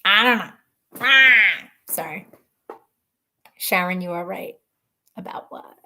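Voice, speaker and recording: A woman hosting a casual live stream, reading viewer comments aloud in a chatty, rambling way, laughing often and thinking out loud. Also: fairly low pitch, unhurried. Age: adult mother of children.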